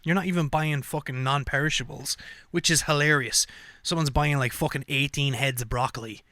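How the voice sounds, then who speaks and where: Bright-voiced man ranting casually. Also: mid-range voice, brisk, dry recording. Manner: profane, animated rants with frequent fillers. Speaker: podcast host.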